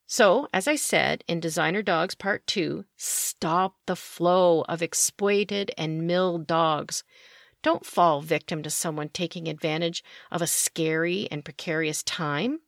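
Indignant woman podcaster, lowish voice. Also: a bit bright, no room sound, clean studio sound. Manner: indignant and sarcastic, emphatic asides. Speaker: podcast host. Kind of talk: opinionated solo podcast commentary.

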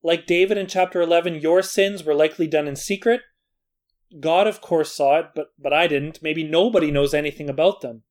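Man, Bible teacher, earnest narration, self-deprecating asides, high-pitched voice. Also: brisk. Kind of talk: scripted Bible study narration.

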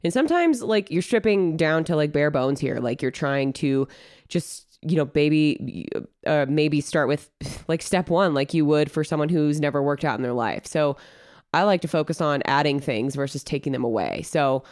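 A woman's voice: low voice, normal speed, dry recording, clean studio sound. Casual woman coach with a stuffy nose. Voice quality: nasal from a cold. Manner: relaxed, filler-heavy, coaching tone. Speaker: podcast co-host and trainer. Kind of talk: casual podcast chat.

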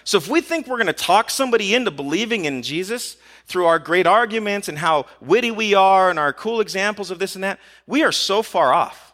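Male preacher, lively and casual, high bright tone, acts out quotes. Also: fairly quick, few pauses. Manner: animated, acts out quotes, rhetorical questions. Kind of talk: conversational sermon.

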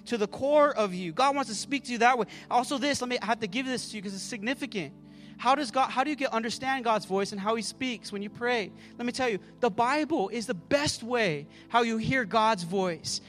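A pastor preaching with fervor in a very high voice, calling out to his listeners and stumbling over repeated words as he goes. Soft music plays faintly behind him. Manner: fervent, calls out to the congregation; repeats words and restarts often. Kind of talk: sermon.

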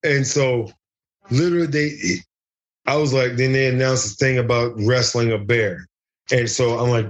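A man's voice: medium pitch, steady tone, moderate pace. A man telling a fight story as an interview guest over a video call, profane and joking, acting out other people's lines. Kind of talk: animated storytelling.

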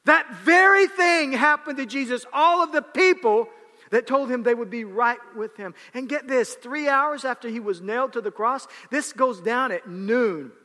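A man preaching a sermon, swinging between raised, shouted passages and quiet, low asides. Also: moderate pace, big-room sound. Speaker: pastor.

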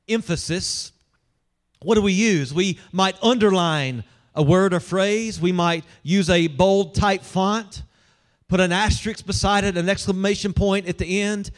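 A man with a notably high voice and a lilt delivers a sermon. He speaks in a relaxed, joking way and keeps drawing his listeners in. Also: measured pace. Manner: conversational, humorous, engages the congregation. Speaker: pastor.

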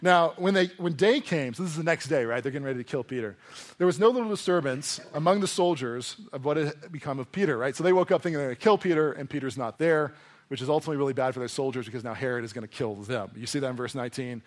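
A man preaching a sermon to a congregation in a conversational, animated way, often acting out voices as he reads and explains scripture. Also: medium pitch, quick pace. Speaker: pastor. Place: church hall before a congregation.

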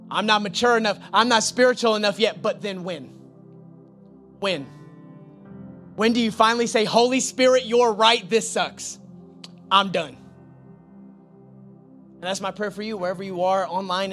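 Bright-voiced, animated male pastor. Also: high-pitched. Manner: animated, swings from loud urging to hushed intensity. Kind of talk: sermon.

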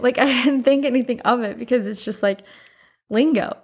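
A woman's voice: sits high, normal speed. A woman from Florida with a Southern accent, hosting a solo podcast in a chatty, rambling way full of "like" and side notes. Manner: chatty, rambling, many "like" fillers and asides. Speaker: podcast host. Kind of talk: casual solo podcast chat.

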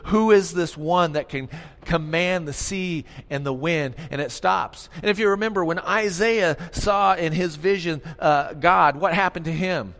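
High-voiced man preaching in a hall. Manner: animated, asks the congregation questions. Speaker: pastor. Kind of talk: sermon. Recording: long hall reverb.

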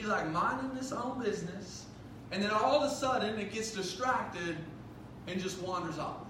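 A young man preaches with a high, bright voice, telling a comic school story full of "like" and quick asides. He sounds a little off-mic, and the hall echoes hard around him. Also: recorded from a distance, a little hiss or hum. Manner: animated, comic storytelling with lots of "like". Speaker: youth pastor. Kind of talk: sermon with storytelling. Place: large hall.

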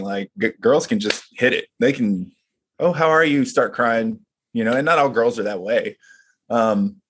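A man who leads a men's group, talking in casual chat and telling personal stories in an earnest, reflective way. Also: on the low side.

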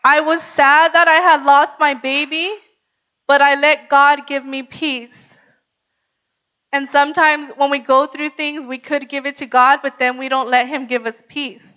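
Woman pastor, high voice, earnest conversational testimony, slightly muffled recording. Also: flat delivery, a little slow. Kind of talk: personal testimony sermon.

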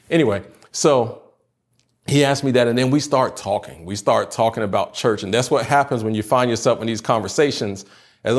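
A young adult man, a pastor, giving a chatty, humorous sermon to students by video. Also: medium pitch. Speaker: youth pastor.

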